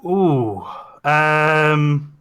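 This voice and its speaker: A man's voice: on the high side, lively intonation, extremely slow, a bit bright, smooth. A young man in casual podcast chat, rambling and correcting himself, enthusiastic about games. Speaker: podcast co-host.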